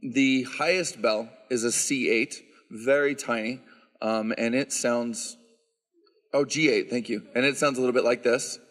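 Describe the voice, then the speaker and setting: At a concert in a church sanctuary, a handbell choir director with a medium-pitched, slightly slow voice takes audience questions and explains the instruments. He's relaxed and chatty, using lots of "um"s, and the hall is reverberant.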